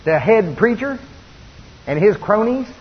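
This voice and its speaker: High-voiced preacher in an echoing hall. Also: male voice, measured pace, breathy edge. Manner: folksy, animated storytelling with laughs. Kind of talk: sermon. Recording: dull lo-fi recording with long reverb and faint hiss.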